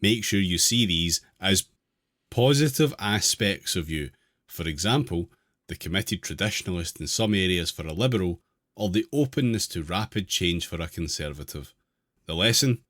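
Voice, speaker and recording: A man co-hosting a podcast, reading an article aloud in a dry, deadpan way between casual asides. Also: deep voice, moderate pace, no echo.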